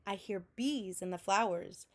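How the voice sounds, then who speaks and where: A woman teacher reading a picture book aloud to children in a slow, clear storytelling manner, making sound effects with her voice between lines. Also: medium pitch. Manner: adds vocal sound effects between narration.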